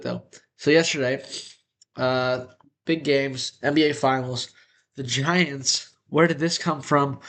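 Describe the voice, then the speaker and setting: Upbeat young man with a congested nose. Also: medium pitch. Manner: upbeat and energetic. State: congested, nasal. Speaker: host. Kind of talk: casual sports talk.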